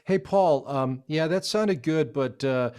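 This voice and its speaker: A man's voice: on the high side, slow pace, a little mellow, clear, resonant tone, pitched above the performer's own voice. A man voicing a smirking male composer who is holding back a laugh. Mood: sly.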